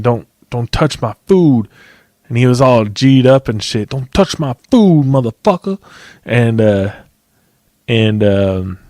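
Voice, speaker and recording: Rambling, swearing podcast host. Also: male voice, mid-range voice, darkish tone, no room sound, clean studio sound. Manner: rambling, profane, laughs often. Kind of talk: casual chat.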